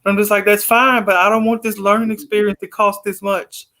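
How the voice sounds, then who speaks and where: A man's voice: high-pitched, little pitch movement, brisk, bright, forceful tone. A man guest on a video call telling a long story casually, rambling with fillers and acting out quoted exchanges. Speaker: guest poet.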